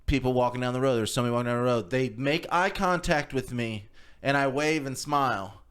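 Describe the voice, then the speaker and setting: Man, 40s, casual podcast co-host; wry storyteller, smooth clear voice, mid pitch. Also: fairly quick, a bit bright. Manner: storytelling, wry, joking asides. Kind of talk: casual chat.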